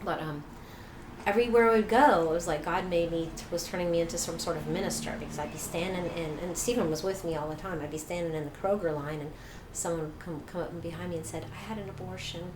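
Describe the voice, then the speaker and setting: A middle-aged woman telling her own story as an interview guest, animated, acting out what other people said. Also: on the low side, fast. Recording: echoey room with faint noise.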